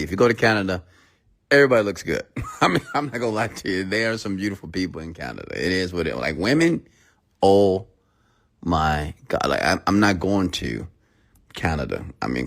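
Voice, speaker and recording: Deep-voiced man telling a motivational story. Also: gravelly. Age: 30s. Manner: animated, acts out both sides of a story. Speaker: motivational speaker.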